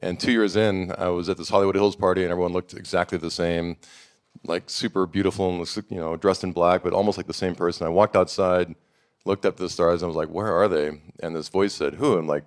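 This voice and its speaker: A middle-aged man from Montana telling a lively story on a panel, acting out the people he quotes. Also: deep voice, fast talker. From Montana, USA. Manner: animated storyteller, acts out quoted voices. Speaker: founder of a summit and network.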